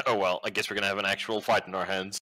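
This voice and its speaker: A man at a tabletop game with a bright, lively tone. He talks through his plans eagerly, thinking out loud as he goes. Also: low-pitched, fast, low-quality recording. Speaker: player. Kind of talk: casual tabletop play.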